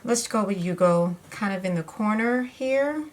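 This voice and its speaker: A woman's voice: medium pitch, expressive, a little slow, a little hiss or hum. A woman chatting in a rambling, easygoing way with many fillers while she walks through a makeup tutorial at home. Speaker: beauty vlogger. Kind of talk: casual makeup tutorial chat.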